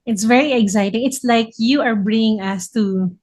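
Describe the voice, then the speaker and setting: A woman's voice: a little high, moderate pace, darkish tone. A woman hosting a podcast interview, chatting casually and encouraging her guest. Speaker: podcast host.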